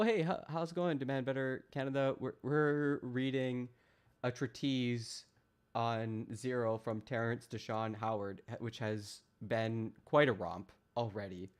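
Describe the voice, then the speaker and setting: A live streamer reading a document aloud to their chat, adding casual self-deprecating asides. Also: medium pitch.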